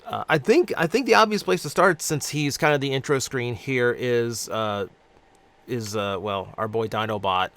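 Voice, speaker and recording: A man hosting a casual chat, relaxed and a little hesitant, with many fillers. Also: medium pitch, moderate pace. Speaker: host.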